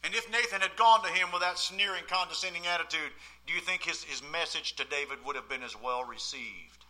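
A male pastor preaching a sermon from the pulpit in a church, swinging between loud emphatic outbursts and quiet asides. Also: a little high, a little fast.

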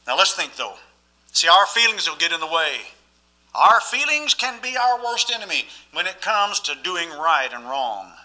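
A man's voice: high-pitched, sing-song, moderate pace, bright, forceful tone, low-quality recording. A man preaching a sermon as pastor, emphatic and often asking the listeners questions.

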